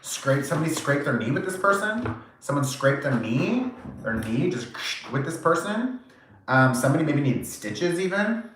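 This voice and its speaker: A man giving a channeled tarot reading, animated and casual, acting out quoted reactions, swearing now and then and laughing often. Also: a little high, normal speed, a little hiss or hum. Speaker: tarot reader. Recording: very echoey room.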